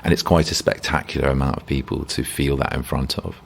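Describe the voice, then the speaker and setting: A man's voice: extremely low pitch, little pitch movement, fairly quick, gravelly, husky. A man, an actor as a guest, talking reflectively and self-deprecatingly in a rambling interview, often restarting sentences.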